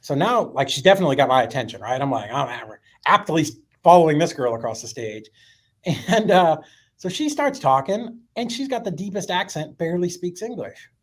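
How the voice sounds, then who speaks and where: A man telling a story as a podcast guest, animated and profane, with many fillers. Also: a little high, normal speed.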